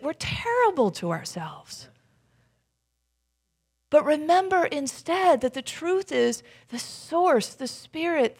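A woman's voice: sits high, breathy edge. A woman giving a conversational sermon, storytelling and asking the audience questions.

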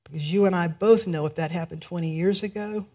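A woman minister telling a story in a sermon, lively and quick to laugh. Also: fairly low pitch.

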